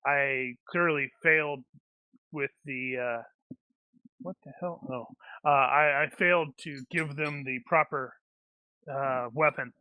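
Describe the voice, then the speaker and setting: A man's voice: on the high side, steady tone, slow pace, no echo, phone-quality sound. A man acting as game master for a tabletop action game, talking in a rambling way with many restarts.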